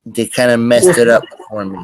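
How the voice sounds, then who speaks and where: A man's voice: mid-range voice, fairly even intonation, normal speed, slight background noise. A man hosting a live stream, chatting casually and rambling with lots of fillers and restarts. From US East Coast. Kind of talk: casual chat.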